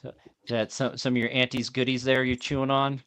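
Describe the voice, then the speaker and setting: A man's voice: medium pitch, flat delivery, brisk, fairly bright tone, smooth. A man hosting a casual podcast chat over a video call. He rambles and often restarts his sentences. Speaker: podcast host.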